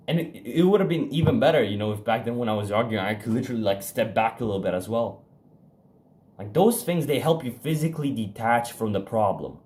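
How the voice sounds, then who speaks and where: A man's voice: medium pitch, darkish tone. A young man giving a casual motivational talk to camera, frank and profane, rambling with restarts and fillers. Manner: emphatic, speeds up and slows down for stress. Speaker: self-improvement vlogger.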